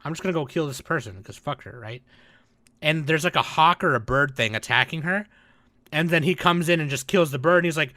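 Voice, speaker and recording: A man co-hosting a podcast, telling the story in an animated, swearing way and acting out the quotes. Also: a little high, fairly quick, dry recording, clean studio sound. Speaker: podcast co-host. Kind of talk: casual chat.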